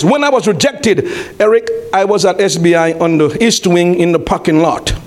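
A man preaching a sermon as pastor, repeating his phrases, calling to the congregation and rising to shouts. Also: high voice. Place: church.

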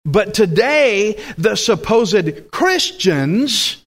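A man's voice: a little high, very animated, slow pace, few pauses. A man preaching a sermon with emphatic delivery, putting questions to the congregation.

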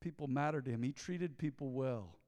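A man preaching a sermon as pastor, telling a story in a lively way and acting out the dialogue. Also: mid-range voice, normal speed. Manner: storytelling, animated, acts out dialogue. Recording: long hall reverb.

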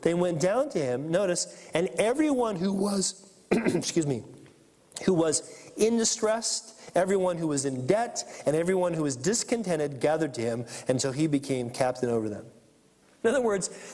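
A man with a high voice preaches a sermon, reading scripture aloud and acting out the people in the story with animated energy. His voice rings out in a long, echoing hall reverb. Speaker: pastor.

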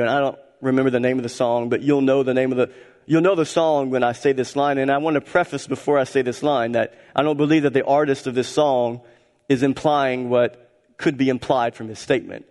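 A man preaching a sermon as pastor, emphatic and repetitive, swinging between loud and hushed. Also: mid-range voice, steady tone, brisk. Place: church sanctuary. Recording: church hall reverb.

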